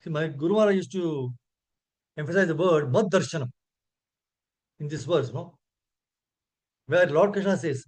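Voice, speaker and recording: A man with an Indian English accent teaches scripture to a gathering, his voice sitting high. He talks earnestly and keeps checking in with his listeners. He slows right down when he recites verses. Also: darkish tone. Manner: slow chanted verse recitation; earnest, asks listeners "correct?". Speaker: preacher. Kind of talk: scripture class.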